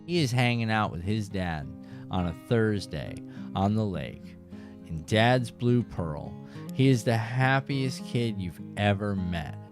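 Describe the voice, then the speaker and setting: A man hosting a fishing show, telling a rambling, animated story straight to his viewers. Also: on the low side, slow pace, over music.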